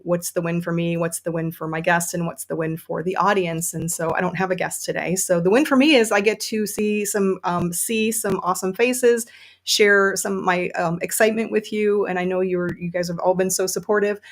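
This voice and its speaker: A woman hosting a casual livestream, chatty and enthusiastic, with many fillers. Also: on the low side. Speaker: podcast host and novelist.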